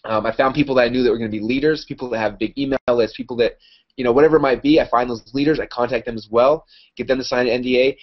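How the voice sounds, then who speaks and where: An excited man talks through a promotional pitch at a rapid clip, stumbling over restarts and fillers as he goes. His voice sits in a middle pitch. The audio is dull and lo-fi, like a web call. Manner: fast, excited, rambling with many fillers. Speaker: internet marketer promoting an opportunity. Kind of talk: casual promotional hangout talk.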